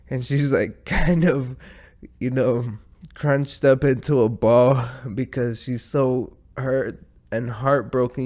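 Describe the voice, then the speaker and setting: A man's voice: mid-range voice, darkish tone. A man hosting a podcast, telling a story in a casual, rambling way, full of swearing and chuckling at himself. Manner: profane, rambling, chuckling through his own story. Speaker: podcast host.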